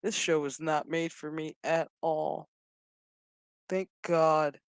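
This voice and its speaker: Male streamer, sassy and profane, smooth voice, unhurried delivery, dry close sound. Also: on the high side, little pitch movement, no room sound. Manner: sassy, profane, exaggerated retelling. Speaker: streamer reviewing a show. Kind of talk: casual crude reaction commentary.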